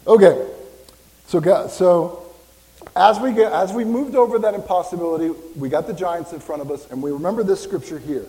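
50s guy preaching, chatty and rambly, jokes with the crowd, kinda high voice, echoey hall. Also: normal speed, dark tone. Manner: rambling, conversational, jokes with congregation. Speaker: pastor. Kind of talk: sermon. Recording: reverberant hall.

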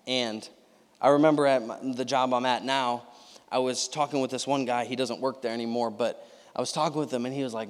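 A young man preaching a sermon as a pastor, chatty and energetic, often checking in with "you know what I mean, right?". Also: medium pitch, brisk. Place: church sanctuary. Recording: long hall reverb.

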